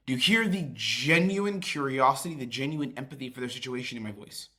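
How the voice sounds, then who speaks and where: A man's voice: mid-range voice, expressive, quick pace, few pauses, bright, forceful tone. A man coaching sales, talking casually and acting out bits of calls to show each tone. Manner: demonstrates tones by acting out calls; casual, swears, many restarts. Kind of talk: sales training talk.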